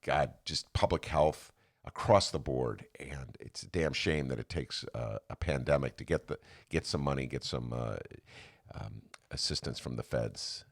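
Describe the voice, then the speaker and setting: A man's voice: very deep voice, a little slow, creaky. A man hosting a podcast in loose, rambling, self-deprecating chat. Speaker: podcast host. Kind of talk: casual chat.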